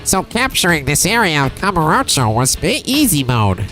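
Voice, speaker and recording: A man's voice: a little high, huge pitch swings, moderate pace, bright, forceful tone, soft background music, voice pushed up, heavily acted. Man doing a nasal smug gamer villain. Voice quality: nasal, pinched-nose voice. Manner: mocking, self-satisfied, drawn out. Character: smug young male gamer villain boasting. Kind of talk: dub-over voice acting of a game scene.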